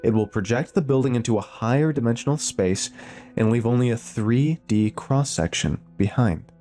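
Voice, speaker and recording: Calm, precise woman scientist, voiced by a male narrator, mellow and level. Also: medium pitch, moderate pace, faint music behind, voice pushed up, natural voice. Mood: explaining.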